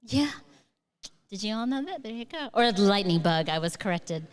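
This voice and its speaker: A woman's voice: medium pitch, expressive, normal speed, clean tone. A middle-aged woman, a guest author talking onstage before a live audience, telling rambling, enthusiastic stories full of fillers. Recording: long hall reverb.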